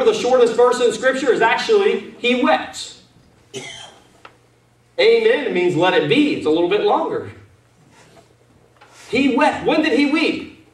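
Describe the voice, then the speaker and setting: High-pitched preaching pastor in an echoey church. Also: male voice. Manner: fervent preaching, calls out to the church. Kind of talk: sermon. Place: church sanctuary. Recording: echoey church room, mic at a distance.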